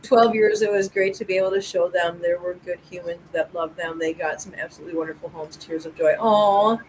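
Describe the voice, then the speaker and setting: A woman's voice: on the low side, fairly even intonation, brisk, darkish tone, slight background noise, rough recording. A middle-aged woman hosting a casual live chat, telling stories with a loose, laughing, swearing manner. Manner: chatty storyteller, laughs often, swears casually. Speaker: livestream host.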